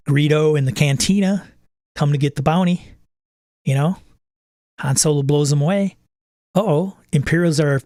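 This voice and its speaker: A man with a slightly high voice chats casually about running tabletop games. He jumps into quick acted lines for his players as he tells stories. The sound is dry and close. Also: dry recording. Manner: animated storyteller who acts out players' quips. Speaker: game master and podcast host.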